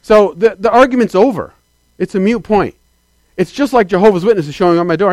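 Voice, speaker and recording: Preaching fast in a high voice with no echo, a male pastor gives an emphatic sermon. He swings between loud declarations and soft asides, calling out for the congregation's affirmation.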